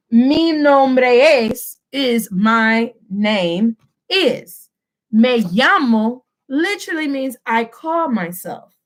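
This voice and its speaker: A woman teaching a Spanish lesson from home, drilling phrases slowly for the listener to repeat and mixing English and Spanish mid-sentence. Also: fairly high pitch. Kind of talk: home-recorded language lesson.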